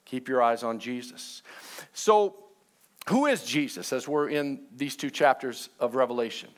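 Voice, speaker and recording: A man preaching a sermon to his church, mixing joking asides with slow, emphatic preaching. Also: mid-range voice, animated. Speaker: pastor.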